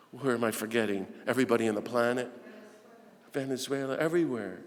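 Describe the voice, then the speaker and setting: Male speaker, mid-pitched, passionate preaching delivery, hushed-to-loud swings, long hall reverb. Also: moderate pace, long pauses. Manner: impassioned, rhetorical questions, swings from hushed to loud. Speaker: speaker addressing Christian peacemakers. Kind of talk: preaching talk on nonviolence. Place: large hall with audience.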